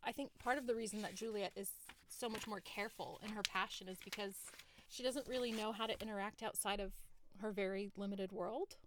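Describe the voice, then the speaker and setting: A woman co-hosting a casual film discussion. She talks in an animated way, with laughter and quick asides. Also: mid-range voice, background noise. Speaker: podcast co-host.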